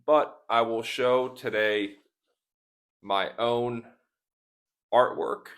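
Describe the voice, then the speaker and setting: A man teaching English in a slow, deliberate way, repeating single words to show how they are pronounced as he talks to the camera from his desk. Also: medium pitch, steady tone, fairly bright tone. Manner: repeats words for pronunciation practice. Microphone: speaking to camera at a desk.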